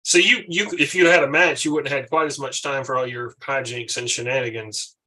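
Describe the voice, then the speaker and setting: A man's voice: medium pitch, fairly even intonation, brisk, pushed and bright. A man co-hosting a casual podcast, mostly giving short replies and asking questions. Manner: short reactions, easy laughter. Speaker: podcast co-host.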